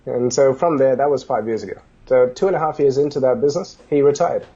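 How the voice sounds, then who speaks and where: Man, casual interview guest, husky, mellow tone, lively storytelling, slightly muffled recording. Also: mid-range voice, fast. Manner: animated, acts out dialogue in stories. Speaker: business guest.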